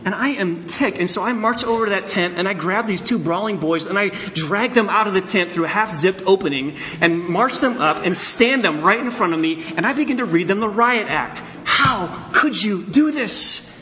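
A middle-aged male pastor in a church sanctuary gives a candid sermon full of personal stories that occasionally swells into emphatic outbursts. His voice is high, pushed and bright, fairly quick with few pauses, though the audio sounds dull.

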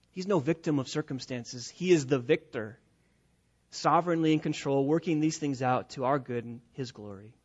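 A man preaches with a high, ringing voice, pressing each point through repetition and rhetorical questions. The recording is dull and lo-fi, like an old church tape. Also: fairly bright tone. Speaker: pastor. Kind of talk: expository sermon.

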